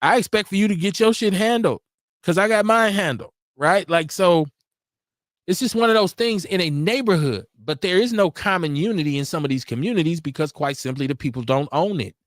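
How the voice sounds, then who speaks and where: Animated blunt man on a live stream. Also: sits high, fairly quick, no room sound, clean studio sound. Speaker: host. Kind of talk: casual live stream talk. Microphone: video call.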